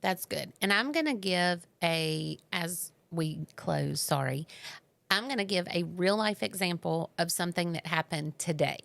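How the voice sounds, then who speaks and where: A woman's voice: on the low side, measured pace, vocal fry, fairly bright tone, no room sound. A woman co-hosting a marriage podcast, telling a personal story in an earnest, conversational way. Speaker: podcast co-host. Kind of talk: casual marriage podcast talk.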